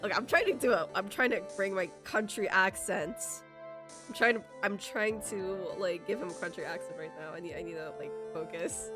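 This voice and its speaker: A woman's voice: mid-range voice, moderate pace. A woman streamer giving casual, chatty commentary while playing a story game, reacting emotionally as she goes. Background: game music.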